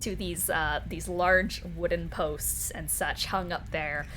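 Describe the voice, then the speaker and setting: A woman's voice: fairly low pitch, fairly even intonation, takes it slowly, a bit bright, slight background noise. A young woman narrating as game master in a casual way, with lots of laughter and fillers.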